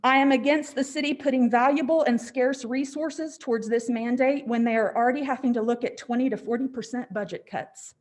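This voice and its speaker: A woman's voice: high-pitched, fairly even intonation, brisk, few pauses, darkish tone. A woman giving a prepared public comment at a city council meeting, firmly stating objections one after another, a little short of breath. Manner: firm, repeated "I am against" statements.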